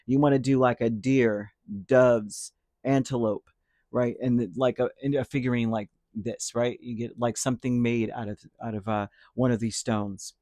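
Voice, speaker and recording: A man's voice: medium pitch, fairly even intonation, moderate pace, warm tone, no echo, studio quality. A man giving a casual tarot and chakra reading, talking in a loose, rambling way that corrects itself and keeps checking in with "right?". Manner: rambling, self-correcting, tags lines with "right?". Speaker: tarot reader. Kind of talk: casual spiritual reading to camera.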